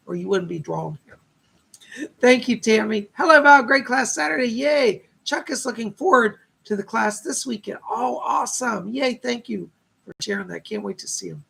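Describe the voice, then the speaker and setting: Gravelly, husky man giving psychic readings. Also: extremely high pitch, normal speed, sharp tone. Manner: chatty, upbeat, reads comments aloud. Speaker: psychic medium hosting live readings. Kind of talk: live-stream psychic readings.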